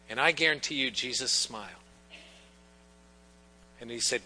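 A man's voice: mid-range voice, normal speed, long pauses, sharp tone, a little hiss or hum. A man preaching a sermon to his congregation, talking in a conversational way with teasing asides. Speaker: pastor. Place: church sanctuary. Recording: long church reverb.

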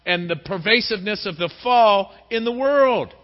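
A man's voice: high voice, normal speed. A middle-aged male pastor giving a sermon in a church and acting out the voices of people he quotes. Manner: lively, acts out quoted voices. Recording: dull recording in a reverberant hall.

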